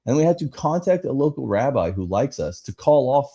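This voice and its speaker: A man co-hosting a live podcast, telling stories in a rambling, animated way full of fillers. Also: mid-range voice, brisk, few pauses, slightly rough. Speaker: podcast co-host. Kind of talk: casual chat.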